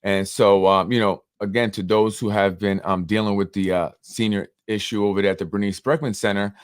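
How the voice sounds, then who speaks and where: Live-stream host, male, New York accent, lowish voice, dry close sound, chatty and meandering. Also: steady tone, brisk, clean tone, no echo. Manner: rambling storytelling, many fillers. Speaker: host of a local politics show. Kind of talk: casual live-stream commentary.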